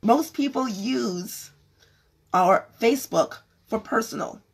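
Woman vlogger, gravelly and husky, fading voice, blunt and rambling, casual advice to camera. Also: a little high, slow pace. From California. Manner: frank, rambling with many restarts. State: losing her voice. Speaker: vlogger giving business advice.

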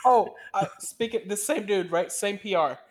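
A man co-hosting a podcast, telling work stories in animated, swear-heavy casual chat. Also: sits high, moderate pace. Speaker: podcast co-host.

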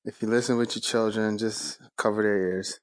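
A man's voice: lowish voice, fairly even intonation, normal speed. A man co-hosting a podcast, chatting in a loose, laid-back way and laughing often. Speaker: podcast co-host. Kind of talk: casual chat.

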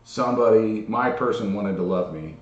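A man candidly telling a personal story in casual podcast chat, animated and full of restarts. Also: fairly low pitch, moderate pace, roomy sound, far from the mic, muffled recording. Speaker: podcast co-host.

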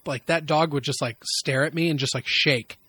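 A man in casual chat who describes himself as loud, telling animated and profane stories. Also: on the high side, normal speed, breathy edge, no echo.

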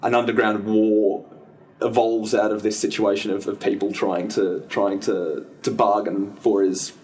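This man's lowish, darkish voice carries little pitch movement and runs a little slow. He's co-hosting a podcast, rambling through a casual film review chat with many restarts and self-corrections.

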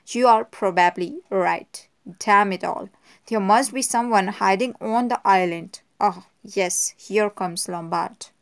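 A woman's voice: mid-range voice, slow pace, gravelly. A woman voicing a worried middle-aged male doctor who speaks in clipped, impatient bursts. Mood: flustered.

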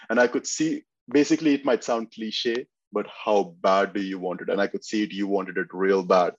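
A man who coaches fitness posing, talking in an earnest, measured way as a podcast guest. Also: lowish voice, fairly even intonation, breathy edge, lo-fi sound. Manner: earnest, measured, explains step by step. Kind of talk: casual interview talk.

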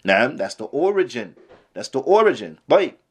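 A man's voice: mid-range voice, very animated, normal speed, slightly rough. A man teaching a religious lesson who asks rhetorical questions, quotes Arabic and then translates it. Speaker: Islamic teacher. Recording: podcast lesson recording.

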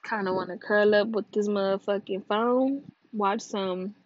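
A young woman from California hosting a casual gossip podcast on her own, rambling and cursing freely while high and sleepy, her voice swinging between loud bursts and low mumbles. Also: fairly even intonation, measured pace, no room sound. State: high and drowsy. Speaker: podcast host. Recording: dull dry lo-fi sound.

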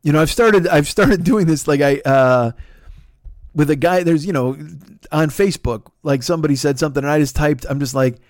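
A middle-aged man from Chicago hosts a podcast, his voice slightly high and his pace slightly quick. The clean studio sound has no echo. His rant is casual and animated, laced with curses and halting restarts.

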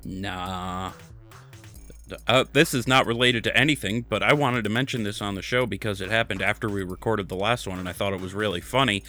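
A man's voice: fairly low pitch, brisk, pushed and bright, soft background music. A man in his thirties hosting a podcast, talking bluntly and joking with some swearing. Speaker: podcast host. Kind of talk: casual chat and game news.

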